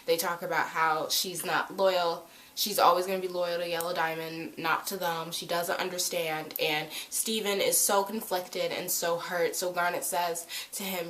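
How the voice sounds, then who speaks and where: A woman talks through a cartoon episode in a chatty, rambling manner, full of fillers. Her voice sits on the lower side, with a faint background noise behind it. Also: fairly even intonation, normal speed, fairly bright tone. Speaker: YouTube episode reviewer. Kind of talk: casual chat.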